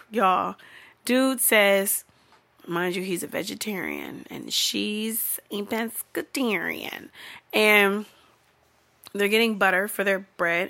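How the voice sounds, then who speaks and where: A young woman telling a comedic, profane story about her day, swinging between hushed asides and loud, exasperated outbursts. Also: medium pitch, vocal fry. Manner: breaks into laughter while talking.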